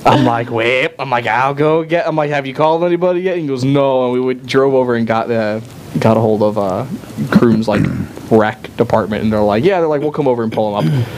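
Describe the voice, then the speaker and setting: A man on a casual chat stream tells stories in a loose, rambling way and acts out what people said to him. His voice sits at an ordinary middle pitch. A faint rumble runs underneath the recording. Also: fairly quick, darkish tone. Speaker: podcast co-host. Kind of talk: casual chat, animated storytelling.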